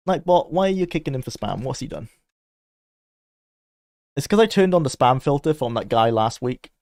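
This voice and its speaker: Chatty young streamer. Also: male voice, mid-range voice, a little mellow, no echo, studio quality. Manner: chatty, laughs often, talks to chat. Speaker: game streamer. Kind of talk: casual live-stream chat.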